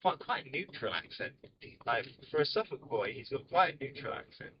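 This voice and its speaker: A man's voice: medium pitch, big pitch swings, fairly quick, muffled recording, noisy background. A man hosting a podcast from inside a car, jokey and rambling in casual chat. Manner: jokey, rambling, laughs often. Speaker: podcast host.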